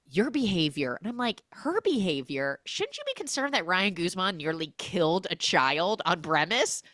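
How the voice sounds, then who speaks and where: A young woman tells a movie's story as a comedic podcast host, her pitch bouncing up and down as she slips into exaggerated voices for each character. Her voice sits a touch low and the sound is close and dry, with no room around it. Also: no room sound. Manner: animated, acts out characters' lines in quick exaggerated voices. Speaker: podcast host recapping a film. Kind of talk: casual comedic film recap.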